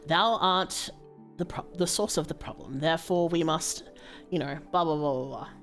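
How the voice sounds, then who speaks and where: A woman voicing a solemn male game character who speaks slow, old-fashioned formal English. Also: sits low, faint music behind, lightly acted.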